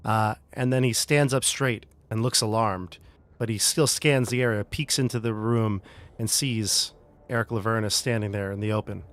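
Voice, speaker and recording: A man running a tabletop game as game master, relaxed and explaining the rules. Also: fairly low pitch, moderate pace.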